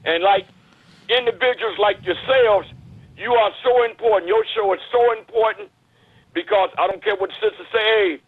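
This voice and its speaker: High-voiced guy calling in over a tinny phone line, preachy and urgent, super dry sound. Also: moderate pace, slightly rough, no room sound. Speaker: caller. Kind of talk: impassioned call-in commentary.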